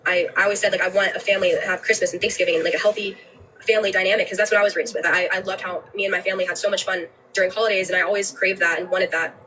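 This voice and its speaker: A young woman giving a personal account on a livestream, earnest, with frequent halting restarts. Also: medium pitch, fairly even intonation, bright, forceful tone, far from the mic, a little hiss or hum, rough recording. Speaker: livestreamer telling her story.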